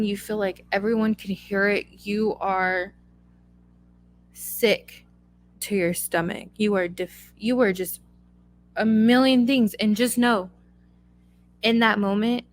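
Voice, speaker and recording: A young woman hosting a solo podcast, giving blunt, emphatic advice in a casual chatty way with lots of repetition. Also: mid-range voice. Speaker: podcast host.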